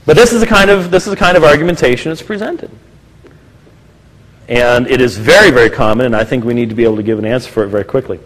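Man, mid pitch, speaker telling anecdotes in a reverberant hall. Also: quick pace. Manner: animated storytelling, acts out quotes. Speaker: speaker presenting to an audience. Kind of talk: lecture with anecdotes. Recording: echoey hall.

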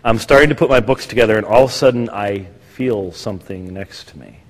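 A man speaking to an audience, telling anecdotes in a lively way and acting out what others said. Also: fairly low pitch, fairly quick. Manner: animated storytelling, acts out quotes. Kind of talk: lecture with anecdotes. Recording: echoey hall.

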